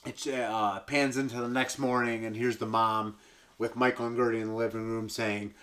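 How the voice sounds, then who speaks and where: A man comedian casually retelling a film, loose and profane, breaking into high squealing impressions and sound effects. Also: little pitch movement, normal speed, a bit bright, slight background noise.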